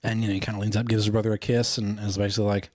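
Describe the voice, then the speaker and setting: A man's voice: fairly low pitch, little pitch movement, rapid-fire, dry recording, clean studio sound. A man co-hosting a podcast, retelling a film in a casual, rambling way, with lots of "you know" and "like". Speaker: podcast co-host.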